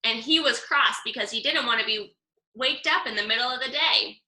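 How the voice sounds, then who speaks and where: A woman reading a picture book aloud with lively, expressive storytelling. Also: a little high, normal speed, echoey room, low-quality recording. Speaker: storybook reader.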